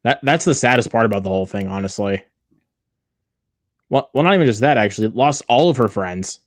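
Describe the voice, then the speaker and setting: A man's voice: fairly low pitch, lively intonation, brisk, no room sound, clean studio sound. A man hosting a movie watch-along, chatting casually with many fillers and restarts.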